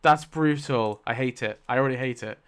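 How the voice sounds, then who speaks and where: Smooth-voiced man thinking aloud. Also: medium pitch, a little fast. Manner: animated, swears, thinks aloud, exclaims in mock outrage. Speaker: YouTube creator. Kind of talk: casual commentary while crafting a story.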